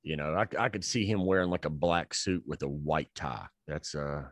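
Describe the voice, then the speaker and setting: A man's voice: a bass voice, moderate pace, no echo, studio quality. A man co-hosting a podcast, chatting in a laid-back, profane way. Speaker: podcast co-host. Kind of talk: casual profane chat.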